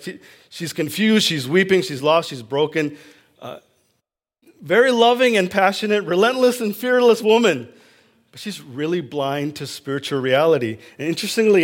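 A male pastor delivering a sermon with real passion. His voice climbs and swells on emphatic lines, then drops to a near hush for tender moments. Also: fairly high pitch. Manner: impassioned, swings from loud to hushed.

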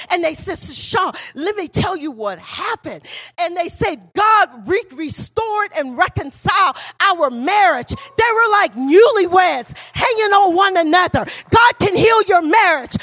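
High-pitched lady preacher in a church, tells stories, builds up and shouts with a lot of passion. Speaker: guest preacher. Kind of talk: sermon. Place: church sanctuary.

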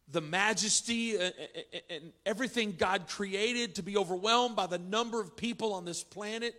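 A man's voice: sits high, normal speed, hardly any pauses, bright, forceful tone. A man preaching a sermon, telling a personal story in a conversational, storytelling way. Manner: storytelling, conversational with southern "y'all". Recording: long hall reverb.

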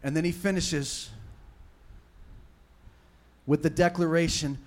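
A man preaching a sermon with passion, moving from hushed talk to shouting and reading scripture with dramatic emphasis. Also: fairly high pitch, normal speed. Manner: impassioned, swinging from hushed to shouting. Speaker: pastor.

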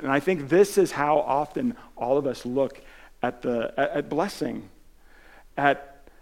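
A man pastor giving a conversational sermon, telling stories with many restarts and filler words. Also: mid-range voice.

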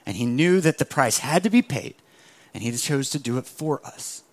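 A young adult man preaching a sermon with a gravelly voice, animated, acting out other voices as he tells the story. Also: mid-range voice, normal speed. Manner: animated, acts out voices of biblical figures. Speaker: pastor.

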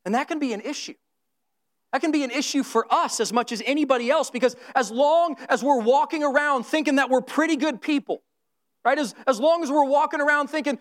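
A preacher delivering a sermon in an earnest, conversational way, often checking in with the listeners with a quick "right?" and growing more fervent when speaking of holiness. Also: sits high. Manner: conversational and earnest, with tag questions.

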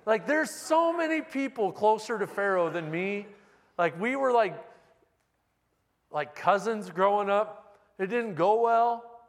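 A man's voice: high-pitched, expressive, slow, pitched above the performer's own voice, full character voice. A man voicing a nervous, self-doubting male fugitive shepherd in a sermon. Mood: anxious. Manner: anxious, hedging, self-doubting. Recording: long reverb of a large hall.

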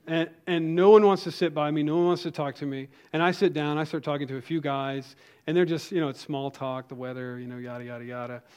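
A man preaching a sermon as a pastor, telling a personal story in a conversational way with frequent restarts and asides. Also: on the high side.

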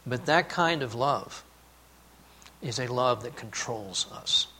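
A man preaching a sermon, telling a family story and then speaking earnestly and softly about God's love. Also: medium pitch, animated, slow pace. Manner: storytelling, then earnest and hushed on key points. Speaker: pastor.

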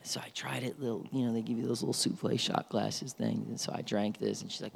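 A man preaching a sermon as pastor, animated and playful, with storytelling asides. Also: medium pitch, fast talker, vocal fry, few pauses, slightly rough. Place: church sanctuary.

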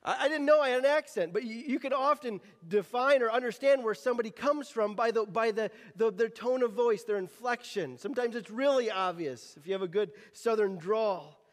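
A man with a high-pitched voice delivers a sermon as a pastor. He drops the g from word endings and circles back on his words as he searches for the phrasing. His voice rings through a reverberant hall. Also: brisk, few pauses. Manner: repeats words while finding his phrasing.

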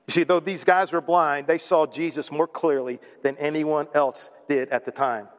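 A man's voice: fairly high pitch, steady tone, normal speed, in a large hall. A man preaching a sermon as pastor, emphatic and building with repeated phrases.

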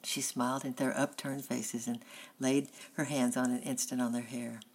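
A woman narrating a children's novel in a steady, plain reading voice. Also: rumbling low, normal speed, husky, low-quality recording. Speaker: audiobook reader. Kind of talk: storybook narration.

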